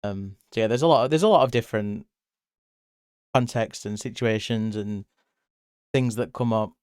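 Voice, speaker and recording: A British man chatting casually on a live stream, answering chat and rambling freely. He laughs often, and his voice jumps up when he gets excited. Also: fairly low pitch, normal speed, clean tone, no echo, studio quality. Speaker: livestreamer.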